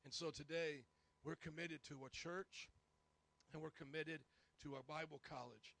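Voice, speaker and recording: Gravelly high-voiced male preacher. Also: moderate pace. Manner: storytelling, animated, acts out quotes. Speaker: pastor. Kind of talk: sermon.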